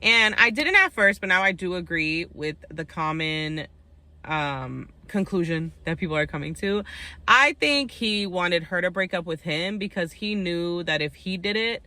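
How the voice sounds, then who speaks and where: A woman's voice: lowish voice, lively intonation, measured pace, pushed and bright. A young woman recapping a reality dating show in a casual chat, full of "like" and "um" fillers, telling the story with plenty of opinion.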